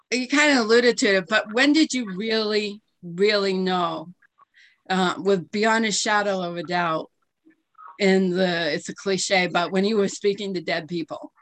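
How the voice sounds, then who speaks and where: A woman hosting a casual interview, slow and affirming with frequent agreement. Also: medium pitch. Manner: slow, affirming, many "yep"s.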